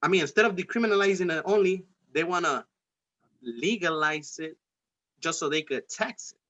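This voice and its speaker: This host's voice is fairly high, pushed and bright, and he keeps a moderate pace. In a casual political podcast chat he rambles heatedly and profanely, restarting many times. The lo-fi recording is dull.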